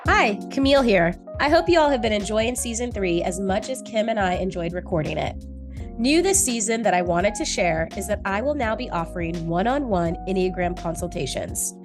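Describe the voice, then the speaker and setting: A woman's voice: mid-range voice, expressive, moderate pace. Podcast host lady doing an upbeat ad read, music under it. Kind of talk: scripted promo read.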